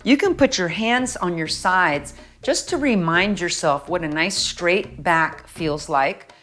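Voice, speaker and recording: A woman's voice: on the low side, animated, takes it slowly, fairly bright tone, soft background music. A middle-aged woman leading a children's stretching lesson. She talks in an encouraging, playful way and praises often. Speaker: children's music and movement teacher. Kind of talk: guided stretching instruction for kids.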